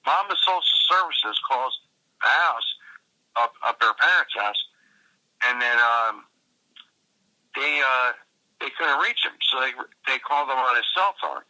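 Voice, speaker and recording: A man's voice: medium pitch, animated, measured pace, long pauses, bright, forceful tone. A man telling a long, profane story in casual conversation, full of fillers and restarts, recorded from a phone call. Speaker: interviewee.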